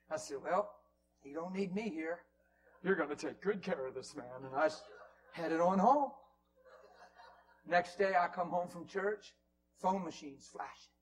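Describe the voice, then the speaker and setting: A man preaching in a church, telling a story with animated swings from loud bursts to near whispers. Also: fairly high pitch, slight background noise, low-quality recording. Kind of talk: storytelling sermon. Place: church hall.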